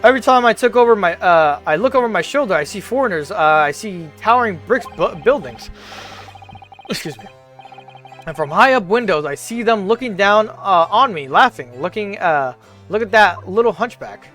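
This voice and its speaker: A man voicing a nervous, excitable young student abroad who stammers and gushes in alliterative bursts. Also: high-pitched, normal speed, soft background music. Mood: gloomy.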